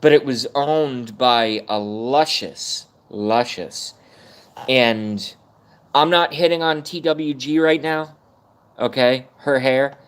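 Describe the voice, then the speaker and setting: A man's voice: mid-range voice, slow pace, fairly bright tone, clean tone. Rambling, profane man chatting on livestream. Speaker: livestream host. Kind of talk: casual livestream rant.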